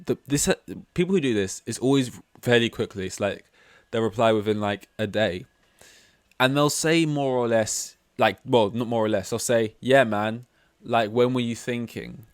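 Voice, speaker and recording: A man's voice: mid-range voice, normal speed, no room sound, studio quality. A man hosting a casual solo podcast, talking in a rambling, candid and self-deprecating way. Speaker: podcast host.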